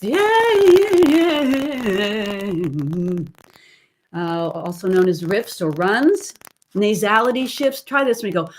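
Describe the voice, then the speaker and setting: Lady voice teacher on a video call, mid-pitched, talks then sings little demo sounds. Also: low-quality recording. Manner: demonstrates vocal sounds with sung and creaky examples. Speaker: vocal coach. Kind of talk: online singing lesson.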